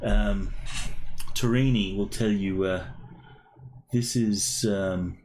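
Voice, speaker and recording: A man narrating a tabletop role-playing game as game master, halting with many pauses and fillers. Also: fairly low pitch, steady tone, a little mellow, poor audio.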